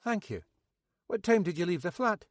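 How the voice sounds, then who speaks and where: A man's voice: high voice, big pitch swings, moderate pace, dry recording, clean studio sound, voice pushed up. A man voicing a polite Scottish man who asks precise questions.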